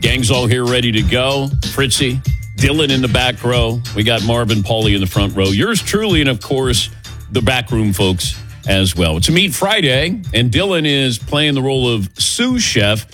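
A man hosting a sports talk radio show, chatting casually and telling animated stories with quick laughs. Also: medium pitch, soft background music. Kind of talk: casual morning radio banter. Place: radio studio.

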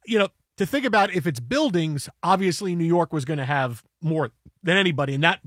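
A male radio host telling a story in animated chat, getting excitable and breaking into shouts and chants. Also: a little high, fairly quick, dry recording, clean studio sound.

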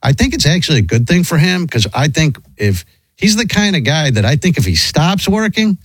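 A man's voice: fairly high pitch, very animated, a little fast, breathy edge, no room sound. A middle-aged man casually telling a long, rambling story, with lots of restarts and acted quotes.

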